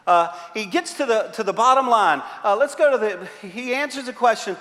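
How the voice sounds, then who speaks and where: A middle-aged man preaching a sermon as pastor, telling animated stories with frequent uh fillers and repeats. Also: high-pitched, moderate pace, few pauses. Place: church sanctuary. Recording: long reverb of a large church hall.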